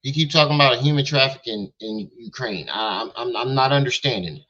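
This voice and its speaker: A man's voice: mid-range voice, a little fast, sharp tone, highs cut off. A man hosting a reaction stream who mocks and questions what he hears in disbelief. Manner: mocking, incredulous, repetitive questions. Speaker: reaction channel host. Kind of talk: mocking reaction commentary.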